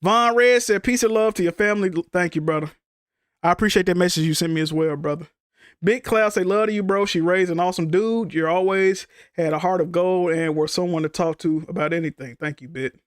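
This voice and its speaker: A man's voice: sits high, a little fast, clean tone, no room sound, clean studio sound. A grieving man livestreaming, venting emotionally to his chat in rambling, profane casual talk.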